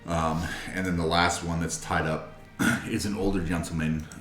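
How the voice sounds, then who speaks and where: A man's voice: low voice, level tone, normal speed, fairly bright tone, echoey room, soft background music. A man narrating a tabletop game as game master, with many hesitant fillers.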